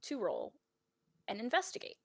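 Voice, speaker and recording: A woman's voice: fairly high pitch, huge pitch swings, moderate pace, vocal fry, no echo. Woman, game master, tabletop narration, casual, swears, dry close sound. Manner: casual and swearing, with lots of fillers.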